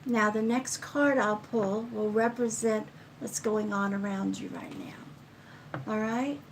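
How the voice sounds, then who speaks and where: A middle-aged woman giving a live psychic card reading in a slow, chatty way, counting cards aloud. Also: mid-range voice, very animated, noisy background. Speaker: psychic reader.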